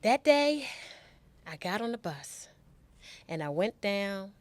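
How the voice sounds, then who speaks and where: A woman's voice: medium pitch, sing-song, takes it slowly, no room sound. A middle-aged woman, a show's guest, candidly telling her own life story in a heartfelt way.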